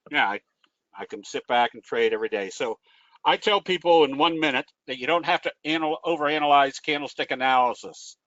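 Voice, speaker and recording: A man presents a trading webinar, folksy and given to jokes. His voice sits a little high. The sound is dry and lo-fi, like a webinar call. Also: fairly bright tone, dry recording. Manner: folksy, tells jokes, restarts often. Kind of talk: casual webinar talk. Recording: dull lo-fi dry audio.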